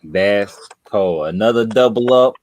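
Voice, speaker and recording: A man moderating a sneaker battle, calling out rounds in a loud, upbeat way. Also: fairly low pitch, unhurried, a little hiss or hum. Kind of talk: casual hosting.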